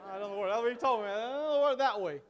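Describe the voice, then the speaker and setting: Man with a very high voice, excitable church speaker, telling a witnessing testimony with bursts of exclamation. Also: very fast, in a large hall. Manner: excitable, exclamatory, repeats himself. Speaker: Adventist speaker sharing a witnessing story. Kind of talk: personal testimony storytelling.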